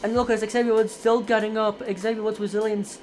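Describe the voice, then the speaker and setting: A man, hoarse, calling wrestling matches from a video game in excited play-by-play, full of oaths and sudden exclamations. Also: fairly quick, faint music behind. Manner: exclamatory, frequent oaths and gasps, swings loud and high. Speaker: play-by-play commentator for his own wrestling game.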